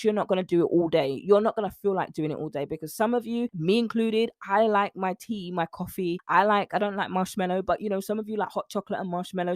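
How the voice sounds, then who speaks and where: A woman's voice: on the low side, dry recording, clean studio sound. Chatty British woman nutrition coach. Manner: lively, chatty, faith-tinged asides. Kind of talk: solo podcast talk.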